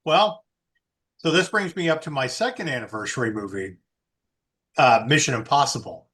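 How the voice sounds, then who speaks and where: A man's voice: mid-range voice, lively intonation, moderate pace, a bit bright. A man co-hosting a podcast, talking in a rambling way with many fillers and restarts. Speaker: podcast co-host. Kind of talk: casual chat.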